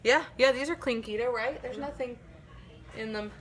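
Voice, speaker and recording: A woman's voice: on the high side, normal speed. A woman chatting casually to her viewers in a home kitchen cooking vlog, upbeat and talking to them directly. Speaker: vlogger.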